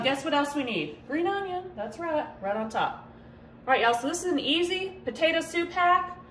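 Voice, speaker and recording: A woman's voice: high-pitched, a bit bright, roomy sound, a little hiss or hum. A woman, hosting a casual cooking vlog and chatting to viewers as y'all from her home kitchen. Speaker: cooking channel host.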